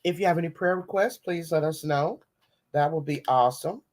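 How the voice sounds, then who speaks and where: A woman podcast host in casual chat, telling lively stories and calling her listeners y'all. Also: low voice, fairly quick. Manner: animated storytelling with slang, addressing listeners as y'all.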